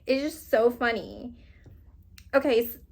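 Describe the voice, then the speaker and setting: A woman's voice: fairly high pitch, sing-song, measured pace, gravelly. A woman giving a casual tarot card reading, rambling and encouraging, and often breaking into laughter. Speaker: tarot reader.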